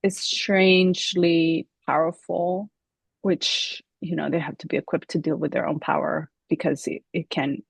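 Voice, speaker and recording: A woman co-hosting a casual reflective chat over a video call, speaking in a gentle, contemplative way with slow, searching phrasing. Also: low-pitched, little pitch movement, gravelly, breathy edge, no room sound. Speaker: co-host.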